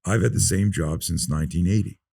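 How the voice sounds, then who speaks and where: A man in his fifties, a self-defense instructor, telling stories in a relaxed podcast interview and acting out the dialogue. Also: deep voice, a little fast, vocal fry, husky, no room sound, clean studio sound. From North America. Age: 50s. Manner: relaxed storyteller who acts out quoted dialogue. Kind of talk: casual storytelling interview.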